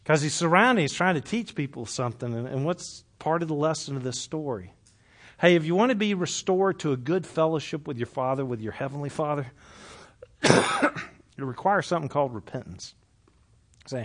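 A man leads a Bible study at a moderate pace, preaching conversationally to a live group. He's lively, joking with the group and asking them questions, then drops soft and low when he makes his earnest points.

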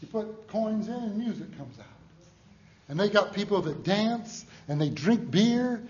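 A restless young son complains in a wistful, grumbling tone, as a preacher puts him on. The voice is fairly high and echoes in a dull-sounding room. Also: male voice, expressive, unhurried, darkish tone.

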